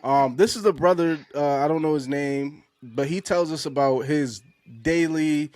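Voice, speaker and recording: A man's voice: a little high, moderate pace, darkish tone, no room sound. A man hosting a casual panel podcast, laid-back and slangy, often laughing while he introduces clips. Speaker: podcast host.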